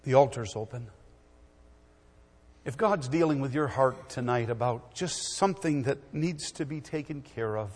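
A middle-aged man preaches in a church, rising to loud exhortation and then dropping to hushed storytelling. His voice sits at an ordinary pitch. It rings with the long reverb of a big hall. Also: normal speed. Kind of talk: sermon.

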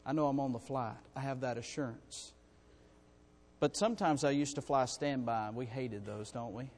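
A man preaching a sermon to his congregation, in a folksy, animated way with calls for amens. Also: mid-range voice, normal speed. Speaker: pastor. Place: church sanctuary. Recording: long reverb in a church hall.

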